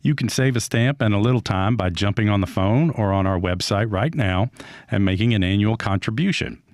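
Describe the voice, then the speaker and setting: A man reading a steady, earnest fundraising appeal for a radio station. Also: on the low side, a little fast, dry recording, studio quality. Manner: steady, earnest, scripted delivery.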